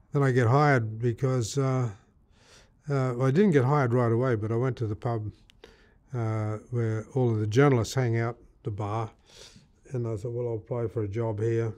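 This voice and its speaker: A man's voice: medium pitch, a little mellow. An older Australian man recounts his past in a sit-down interview. His storytelling meanders, doubling back and restarting phrases as he goes. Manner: rambling anecdotal storytelling with many restarts.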